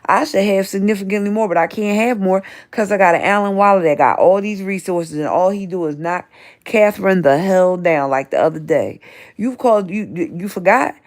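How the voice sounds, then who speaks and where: A woman in her 50s speaks at medium pitch and a fairly quick pace while hosting a livestream. She reads the chat aloud and goes after named people directly in a confrontational, repetitive rant.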